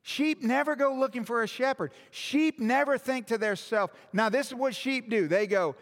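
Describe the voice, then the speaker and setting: A man's voice: very high-pitched, normal speed, hardly any pauses, a bit bright. A male pastor preaching a sermon in a church hall, emphatic and full of rhetorical questions, with long hall reverb.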